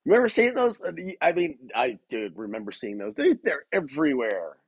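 A man with a mid-range, gravelly, slightly rough voice and big pitch swings is recorded dry with no room sound. Hosting his own podcast, he rambles through a profane solo rant, laughing often, halting, and restarting sentences amid many fillers.

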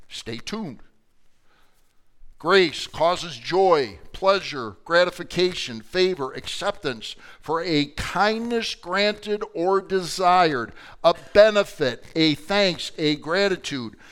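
A man's voice: high-pitched, lively intonation, takes it slowly. Dynamic older male Bible teacher. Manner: dynamic, swings from loud emphasis to quiet asides. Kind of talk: sermon-style Bible teaching. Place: church classroom before a live audience.

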